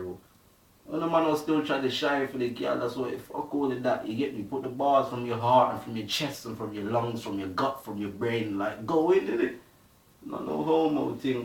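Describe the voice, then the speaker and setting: A man's voice: medium pitch, creaky. Young male Bristol MC, slangy street talk and freestyle bars, roomy sound, heard from across the room. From Bristol, England. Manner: slang-heavy, keeps asking "you get me", "innit". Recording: roomy, distant from the mic.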